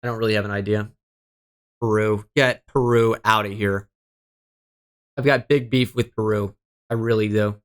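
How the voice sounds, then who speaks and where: A man's voice: lowish voice, fairly bright tone. A young man giving casual running commentary while playing a geography guessing game, muttering his guesses and cursing his luck with self-deprecating, exasperated remarks. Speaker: gaming streamer.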